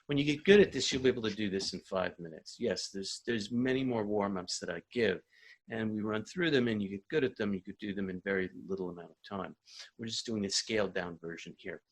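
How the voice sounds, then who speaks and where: A man leading a singing warm-up as a vocal coach, calm and encouraging. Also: on the low side, a little fast, husky.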